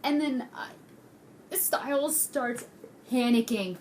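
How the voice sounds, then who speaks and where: Excitable young woman gushing through a recap. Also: on the high side, a little slow, a little hiss or hum. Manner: gushing, excitable, swears freely. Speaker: TV episode recapper. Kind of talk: casual recap vlog.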